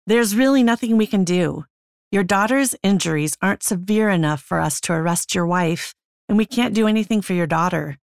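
A woman voicing a tall male police officer who questions briskly in an official, matter-of-fact way, read in an audiobook. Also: medium pitch, creaky, clear, resonant tone, no room sound, clean studio sound, lightly acted.

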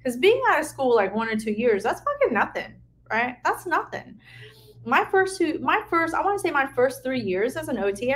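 A woman's voice: on the high side, fairly bright tone. A woman who works as an occupational therapist, giving candid career advice in a frank, emotional way and swearing now and then. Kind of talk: candid unscripted advice talk.

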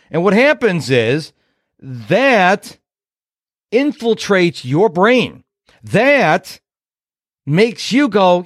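A man's voice: on the high side, very animated, takes it slowly, no room sound, studio quality. A man in his fifties hosting a motivational podcast, talking in an emphatic, punchy way and acting out other people's voices. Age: 50s. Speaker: productivity coach and podcast host.

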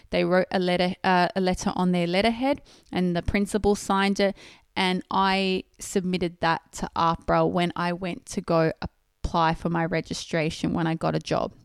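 On this dry studio-quality track, a podcast host from Australia walks through rules one step at a time in simple terms. She has a lowish voice and explains clearly and methodically, stopping now and then to put things another way.

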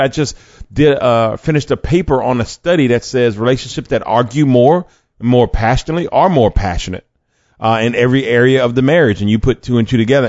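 A man's voice: mid-range voice, darkish tone, dry recording, muffled recording. A man hosting a faith podcast, talking conversationally with fillers, restarts and rhetorical questions. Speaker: podcast host.

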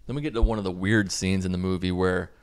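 A man's voice: sits low, steady tone, fast. A young man casually recapping a movie in a sarcastic, mocking way. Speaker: movie reviewer.

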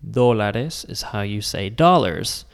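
A man from the United States teaching Spanish words in a patient, explaining lesson, slowing down to spell out each word. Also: fairly low pitch, lively intonation, creaky, in a large hall. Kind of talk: scripted language lesson.

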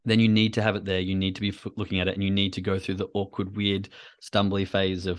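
A man's voice: deep voice, completely flat delivery, fast talker. A man hosting a solo podcast, talking in a rambling, reflective, self-coaching way. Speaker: podcast host.

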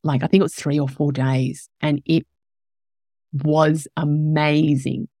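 A woman's voice: deep voice, little pitch movement, slow, dark tone, no echo, studio quality. A woman hosting a podcast, telling a personal story in an emotional, candid way and growing teary as she talks. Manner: emotional, tearful at moments, candid with swearing. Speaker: podcast host.

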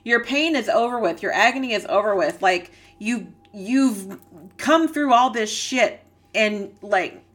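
A woman's voice: a little high, a little slow, fairly bright tone. A woman giving a channeled reading, earnest and emotional, rambling and searching for words with many fillers. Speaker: psychic reader.

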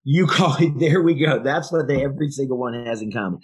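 A man's voice: medium pitch, quick pace, breathy edge, rough recording. A man co-hosting a casual sales podcast, talking emphatically and rambling with restarts. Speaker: podcast co-host.

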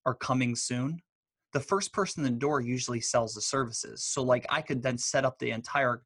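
A man, a guest in an interview, telling stories in a loose, animated way full of fillers. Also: mid-range voice, normal speed, husky, dry recording. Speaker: guest, author and speaker. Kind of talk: casual interview storytelling.

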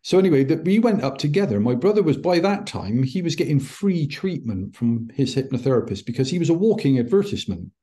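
Middle-aged guy telling a story, voice jumps all over, mellow tone, acts out who said what. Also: on the high side, brisk, hardly any pauses. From United Kingdom. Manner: animated, acts out quoted dialogue. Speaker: podcast guest, hypnotherapist. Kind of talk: anecdotal storytelling.

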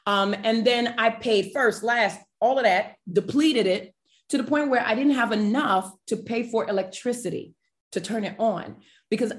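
A woman guest on a podcast, telling a personal faith story in an animated, emotional way and addressing listeners directly. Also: a little high. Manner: animated, emotional, acts out quoted voices.

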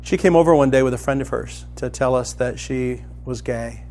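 A middle-aged pastor preaches a sermon at a normal speed in a medium-pitched voice. He tells a personal story, building up to loud, excited emphasis.

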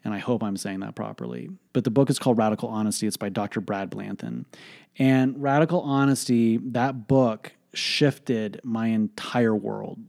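A man's voice: fairly low pitch, moderate pace, creaky, darkish tone. Guy on his podcast swearing a lot, blunt and emphatic, lots of like and um. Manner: profane, emphatic storytelling with many fillers. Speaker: podcast host. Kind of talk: candid podcast monologue.

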